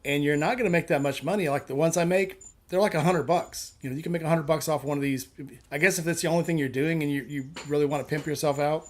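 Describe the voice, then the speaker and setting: A man's voice: on the high side, fast. A man on a live chat show, talking casually and bluntly, with firm opinions and a habit of telling jokes.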